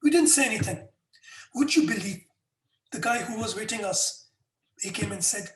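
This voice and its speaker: A man's voice: sits high, moderate pace, long pauses. Echoey, distant middle-aged man telling stories. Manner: animated anecdotes with frequent restarts. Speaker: guest. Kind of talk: conversational storytelling. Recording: echoey room, distant mic.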